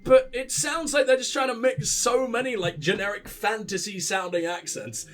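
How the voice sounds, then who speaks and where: A man's voice: high voice, moderate pace, soft background music. A sick man with a headset, mocking the game in sweary let's play commentary and laughing at his own jokes. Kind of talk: casual gameplay commentary.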